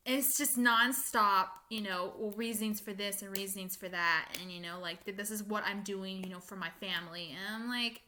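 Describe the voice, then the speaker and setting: A young woman ranting casually to her viewers, animated and exasperated, with frequent laughs and fillers. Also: mid-range voice, normal speed, few pauses. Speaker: fan vlogger. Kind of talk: casual rant to camera.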